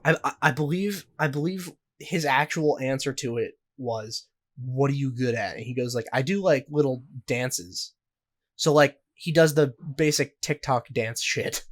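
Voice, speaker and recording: A man's voice: medium pitch, moderate pace, a bit bright. Rambling, cursing young man on a podcast. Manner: rambling, profane storytelling with lots of "like". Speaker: podcast co-host. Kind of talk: casual podcast chat.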